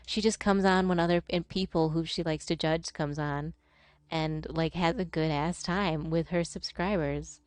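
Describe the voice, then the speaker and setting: A young woman streamer rambling through casual chat over a game. She swears freely and laughs often in a lowish voice. The sound is close and dry. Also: steady tone, moderate pace, dry recording. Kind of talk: casual chat while gaming.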